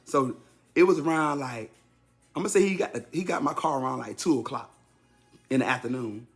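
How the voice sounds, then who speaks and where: A man in his fifties tells a personal story casually, speaking straight to his audience and repeating himself for effect. He's animated, and his voice leaps high and loud whenever he acts out what someone said. He talks at a normal speed, with faint music in the background.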